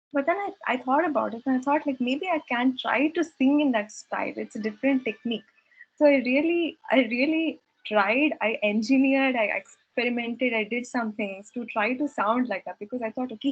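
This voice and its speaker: Brief: young woman, husky and fairly high, earnest reflective testimony, lo-fi dull sound. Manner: earnest, reflective storytelling with hesitant restarts. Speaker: satsang speaker sharing her story. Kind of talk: personal testimony talk.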